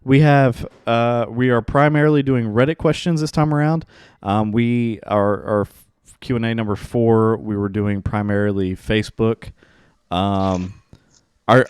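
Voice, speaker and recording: A man hosting a casual sports podcast with his co-hosts, energetic and rambling, with frequent restarts. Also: mid-range voice, smooth, no echo, clean studio sound. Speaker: podcast host. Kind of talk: casual chat.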